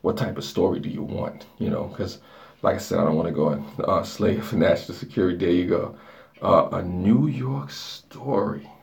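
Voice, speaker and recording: A man's voice: deep voice, normal speed, creaky, a little mellow. A man live streaming from his bathroom, chatting loosely with viewers, joking and rambling as he reads their comments aloud. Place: dark bathroom lit by a flashlight.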